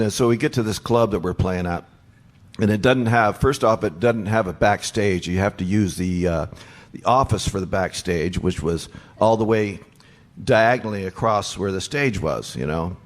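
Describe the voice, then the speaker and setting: A man in his sixties telling band road stories on stage before an audience, animated and acting out the voices of people in his stories. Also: lowish voice, moderate pace. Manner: animated storyteller, acts out quoted voices. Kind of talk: onstage storytelling panel.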